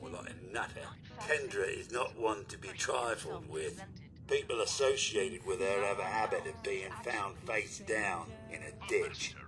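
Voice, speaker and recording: A man voicing a rude, scheming robot barman with a British accent who talks in a gruff, slangy way. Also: lowish voice, a little slow, music in the background, close to an everyday voice. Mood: sneering.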